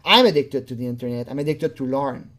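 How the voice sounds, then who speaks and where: A channel host giving casual reaction commentary, mocking and profane, often mimicking people in a high whiny voice. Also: brisk, a bit bright.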